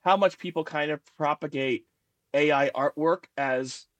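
A man's voice: on the high side, a little slow, dry recording, lo-fi sound. Rambling male guest, full of fillers. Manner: rambling, many fillers, self-deprecating laughs. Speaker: guest writer. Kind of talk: interview.

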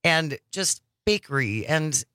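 A chatty male radio host with a bright, forceful tone. He talks with eager enthusiasm, and his voice is slightly higher than most men's. The sound is close and dry. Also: animated, slow pace, no room sound. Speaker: radio talk show host. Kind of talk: casual radio chat.

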